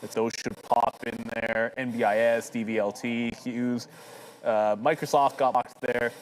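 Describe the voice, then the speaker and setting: A man's voice: medium pitch, level tone, unhurried, poor audio. A man co-hosting a live trading show, chatty and upbeat, talking to viewers in the chat. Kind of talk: live market commentary chat.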